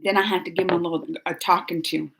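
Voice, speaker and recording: A woman's voice: fairly low pitch, steady tone, fast talker, vocal fry, a bit bright. A woman hosting a casual live stream, chatting and giggling as she reads viewer comments aloud. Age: adult under 45. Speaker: reaction channel host reading live chat.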